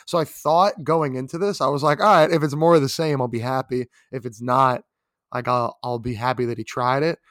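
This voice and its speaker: A man's voice: medium pitch, fairly even intonation, fairly quick, fairly bright tone, no echo, clean studio sound. A man co-hosting a podcast, talking casually and animatedly about music, filling his sentences with "like" and casual swearing. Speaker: podcast co-host. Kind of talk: casual music review chat.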